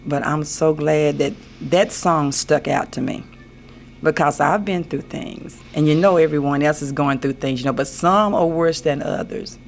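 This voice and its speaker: A woman's voice: sits low, normal speed, gravelly. An older woman, a senior pageant queen, answering radio interview questions in an earnest way, often repeating her phrases. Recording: AM radio broadcast with faint noise.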